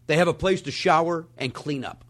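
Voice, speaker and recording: A middle-aged man co-hosting a comedy podcast, teasing and animated in casual banter. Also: brisk. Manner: animated, teasing, jumps high when laughing.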